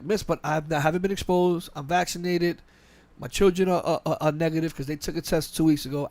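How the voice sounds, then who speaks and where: Fast-talking man telling a story. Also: fairly high pitch, no echo. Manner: fast, animated storytelling with frequent restarts and quoted dialogue. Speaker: podcast host. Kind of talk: casual podcast chat, storytelling. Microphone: podcast mic.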